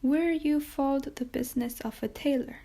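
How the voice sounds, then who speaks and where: A guarded priest with an Italian accent who questions slowly and carefully, as a woman puts him on in an audiobook. Her reading stays mellow with a gravelly texture. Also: high-pitched, fairly even intonation, pitched above the performer's own voice. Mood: probing. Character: searching, reserved male priest with Italian accent.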